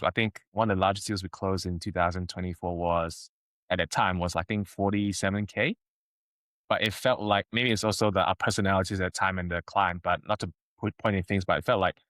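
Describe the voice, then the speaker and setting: Casual low-voiced podcast host. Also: male voice, a bit bright, no room sound. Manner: casual, filler-heavy, says like often. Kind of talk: casual interview chat.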